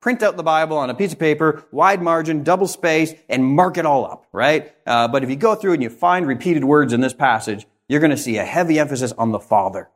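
A man's voice: a little high, a little fast, few pauses. A man preaching an expository sermon, with emphatic, rhythmic repetition.

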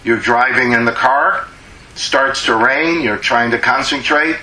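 A man preaching a sermon as a pastor, slow and emphatic, drawing out words to press his points. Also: mid-range voice, pushed and bright, echoey room, poor audio.

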